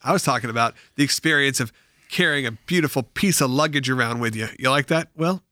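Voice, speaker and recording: A man who has school-age kids, hosting a podcast, chatting casually and reading sponsor ads in an animated, jokey way. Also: medium pitch, fairly quick, no room sound. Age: adult with school-age children. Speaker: podcast host. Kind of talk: casual chat and host-read ad.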